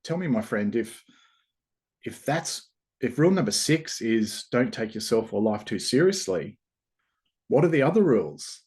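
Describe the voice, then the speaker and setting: A man's voice: medium pitch, sing-song, moderate pace, a little mellow, close to an everyday voice. A man voicing a curious, friendly male visiting prime minister in a spoken parable.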